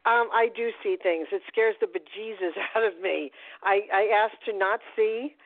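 A woman's voice: mid-range voice, moderate pace, dry recording. Older New Jersey woman caller on the phone. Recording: dry tinny phone line.

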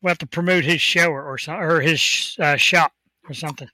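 A man's voice: on the high side, fairly even intonation, a little fast, bright, forceful tone, no room sound, poor audio. A man hosting a casual podcast from a home studio, talking with upbeat, rambling enthusiasm into a desk microphone. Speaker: host.

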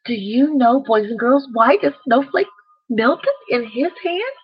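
A woman reading a bedtime story aloud, gently speaking to the children listening. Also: a little high, expressive, breathy edge, highs cut off. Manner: slow, gentle, addresses children directly.

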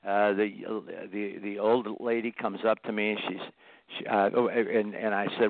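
A man's voice: fairly low pitch, little pitch movement, moderate pace, no room sound. An older man telling stories as a musician guest on a casual radio interview, chuckling often and restarting his sentences. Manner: storytelling, chuckling, many restarts. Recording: tinny phone line.

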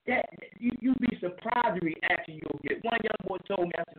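A man's voice: sits high, expressive, a little fast, few pauses. A man calling in to a radio talk show, talking in an earnest, rambling way and repeating his phrases. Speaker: caller. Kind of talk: call-in talk radio chat. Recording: tinny phone line, faint noise.

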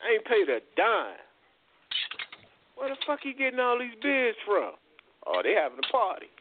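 Profane, lively man on a phone line. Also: high voice, normal speed. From Gary, Indiana. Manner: profane, animated storytelling. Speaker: radio show host. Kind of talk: casual reminiscing chat. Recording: phone-quality line, faint noise.

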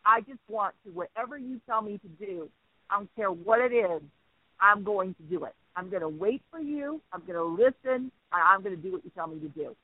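A man hosting a talk radio show, telling a story with lively acted-out quotes. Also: high voice, a little fast, no echo. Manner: animated storyteller acting out quotes. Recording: dry tinny phone-like line.

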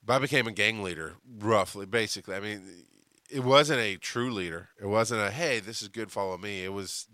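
A middle-aged man hosting a solo podcast, talking emphatically and swearing freely, dropping quiet and then getting loud. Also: lowish voice, normal speed, dry recording, studio quality. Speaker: podcast host.

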